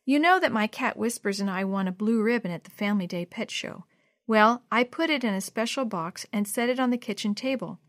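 A woman voicing a quiet, soft-spoken young boy in a storybook, reading softly. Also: fairly high pitch, a little fast, no room sound, studio quality, close to an everyday voice. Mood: sincere.

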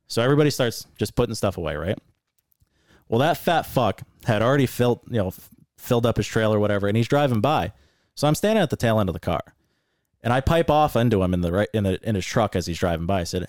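A man's voice: lowish voice, lively intonation, quick pace, a little mellow, no echo, studio quality. A man co-hosting a podcast, telling a story as an angry, profane rant. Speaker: podcast co-host.

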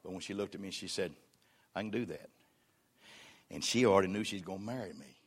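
The older man's sermon comes rapid-fire in a low, husky voice. He's a folksy, humorous pastor who alternates between loud exhortation and hushed storytelling.

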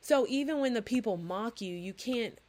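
A woman in her thirties preaching in a casual, chatty way, earnest and animated as she acts out little dialogues. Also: on the high side, normal speed. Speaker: Christian podcast host. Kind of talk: informal preaching monologue.

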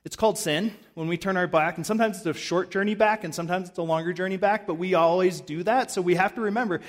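A man's voice: high-pitched, fast talker. A man preaching a sermon in a conversational way, acting out voices when he retells scenes. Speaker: pastor. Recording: long reverb of a large hall.

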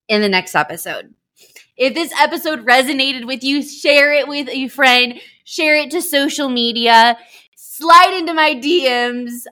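A woman's voice: sits high, bright, forceful tone. A woman hosting a motivational podcast, talking in a gushing, emphatic way and swearing for emphasis. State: emotional, near tears. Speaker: podcast host.

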